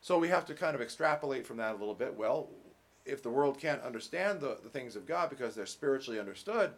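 A man preaching a sermon as pastor, emphatic and rising loud on key points, with conversational asides and fillers. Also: mid-range voice, lively intonation, fast talker.

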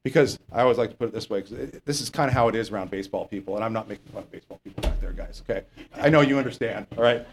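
A man's voice: lowish voice, rapid-fire, slight background noise. Guy preaching and reading scripture, loose and jokey, fumbles his place sometimes, hits key lines hard. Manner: rambling, joking, loses his place in the text; emphatic on key points. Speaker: pastor. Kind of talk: conversational sermon with Bible reading.

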